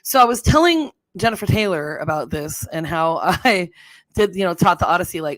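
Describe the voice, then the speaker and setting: A woman's voice: lowish voice, expressive, moderate pace, fairly bright tone. A middle-aged woman hosting a casual livestream, chatty and rambling, laughing often as she fumbles with her settings. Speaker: livestream host.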